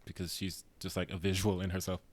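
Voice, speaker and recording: A man with a lowish voice hosts an easygoing movie podcast and talks at a rapid clip. The recording is close and dry. He is relaxed, laughs often, and leads the talk from one topic to the next. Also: no echo. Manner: relaxed and laughing, drifts into impressions of lines. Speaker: podcast host. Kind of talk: casual movie review chat.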